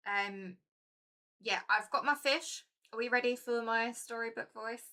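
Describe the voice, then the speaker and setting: A young woman streams her board game play in a chatty, easily excited way. Her voice is bright and sits a bit high, with a playful, giggly lilt. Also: a little slow. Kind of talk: casual live-stream board game playthrough.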